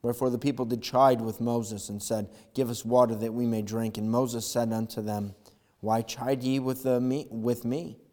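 A man preaching a sermon, reading scripture and swinging from quiet, low talk to loud, impassioned calls. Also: long reverb tail. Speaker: pastor.

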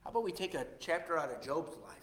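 A man preaching a sermon as pastor, animated, swinging between loud and hushed delivery. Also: fairly high pitch, fast talker. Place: church. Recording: echoey church hall.

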